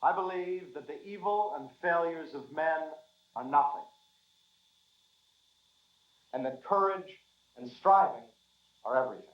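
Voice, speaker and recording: Earnest candidate speech, slightly high, echoey hall, muffled. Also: male voice, lively intonation, measured pace, long pauses, a little hiss or hum. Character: candidate giving a campaign speech. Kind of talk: formal public speech. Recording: echoey dull speech audio.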